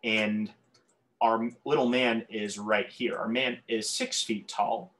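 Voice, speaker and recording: A man's voice: fairly low pitch, steady tone, takes it slowly, a bit bright. A man teaching a calculus lesson while drawing on a board, often stumbling over words and correcting himself. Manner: tongue-tied, self-correcting, apologetic asides. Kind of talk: whiteboard math lesson.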